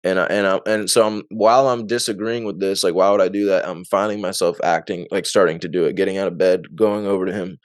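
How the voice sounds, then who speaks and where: Speaking fast with few pauses, a man with a low, fairly even voice gives a casual testimony as an interview guest. His telling is loose and rambling, packed with fillers and frequent laughter, captured in a dry, studio-quality recording.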